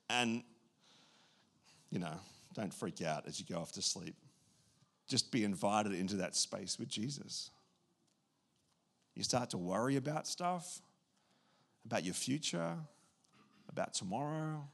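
Excitable male preacher with restarts. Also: mid-range voice. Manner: animated and excitable, with quick restarts and asides. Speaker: pastor. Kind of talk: sermon.

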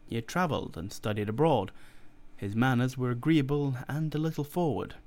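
A man narrating a classic story in a measured, formal storytelling manner. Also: medium pitch, darkish tone. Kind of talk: audiobook narration.

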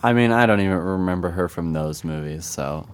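A man's voice: low voice, fairly quick, smooth. A man co-hosting a comedy podcast, chatting casually and dropping wry quips. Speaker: podcast co-host.

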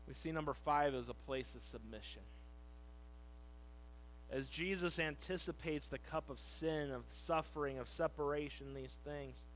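Middle-aged guy preaching, lively, leans on words, slows for verses, faint hum behind. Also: medium pitch, low-quality recording. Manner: animated preaching, leaning on key words and slowing on scripture. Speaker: pastor. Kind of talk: sermon.

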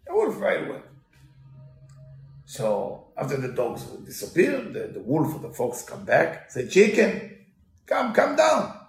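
A man's voice: medium pitch, huge pitch swings, unhurried, creaky. A man giving a storytelling Torah lesson in broken English, mixing in Hebrew quotes. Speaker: Torah teacher. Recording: roomy echo.

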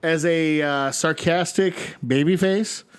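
A man co-hosting a casual podcast chat, chiming in quickly and swearing casually. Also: fairly high pitch, clear, resonant tone. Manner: quick interjections, laughs, profane. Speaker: podcast co-host.

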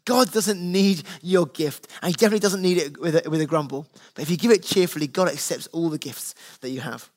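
Earnest high-voiced male pastor. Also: brisk, few pauses, darkish tone. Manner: earnest, conversational preaching with family anecdotes. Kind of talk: sermon.

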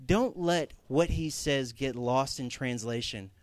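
A man's voice: medium pitch, takes it slowly. A young man preaching a sermon in a conversational way, rising to emphatic Scripture reading.

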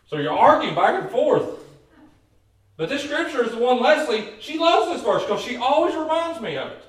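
A pastor preaching a folksy, joking sermon, often repeating words and calling out for amens. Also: male voice, extremely high pitch, big pitch swings, moderate pace. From Kentucky. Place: church sanctuary. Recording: very echoey church, voice far from mic.

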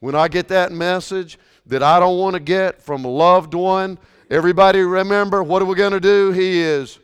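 A man pastor preaching a sermon, swinging from hushed, intimate lines to shouted, passionate ones. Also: high-pitched, steady tone, normal speed, clear, resonant tone. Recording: long reverb of a large hall.

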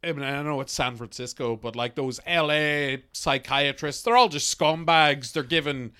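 A man's voice: on the high side, moderate pace, pushed and bright, clean tone. A man co-hosting a comedy podcast, throwing in crude wisecracks and joking asides. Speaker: podcast co-host. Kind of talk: casual comedic banter.

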